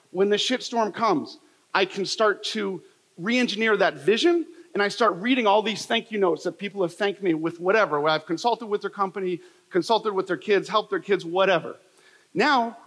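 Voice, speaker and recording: A man's voice: high voice, a bit bright. Guy doing a motivational keynote, punchy repetitive storytelling, long hall echo. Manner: emphatic, repetitive, storytelling delivery. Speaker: motivational speaker. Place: large event hall. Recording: long reverb of a large hall.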